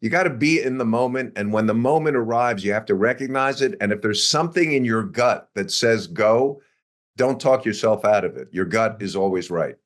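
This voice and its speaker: A man's voice: lowish voice, normal speed. A man in his sixties, a guest in an interview, telling a story about his career in a conversational way, acting out the quotes and chuckling along. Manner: animated anecdote-telling with acted-out quotes and chuckles. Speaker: interview guest, biotech executive.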